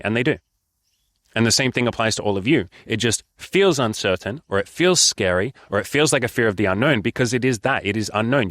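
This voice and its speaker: A young man coaches his viewers in a blunt, casual way, swearing freely and acting out lines. His voice sits on the low side. The sound is dry and close, with no room echo. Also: a bit bright. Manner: blunt, frank, swears often, acts out dialogue. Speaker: dating coach. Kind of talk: casual vlog advice.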